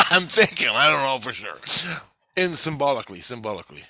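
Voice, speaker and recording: A man's voice: mid-range voice, very animated, brisk, pushed and bright, dry recording. Profane rambling man telling a dream. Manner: profane, rambling, acts out quoted dialogue. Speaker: video creator recounting a dream. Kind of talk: casual storytelling monologue.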